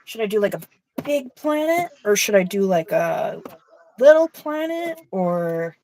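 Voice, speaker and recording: A woman's voice: medium pitch, very animated, measured pace, a little mellow, low-quality recording. A woman co-hosting an art stream over a video call, chatting casually and emotionally as she paints, swearing now and then. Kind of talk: casual chat while painting.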